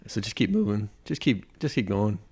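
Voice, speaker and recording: A man sharing race advice in casual chat, halting and repeating himself. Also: fairly low pitch, very animated, darkish tone, slightly rough. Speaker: triathlete guest.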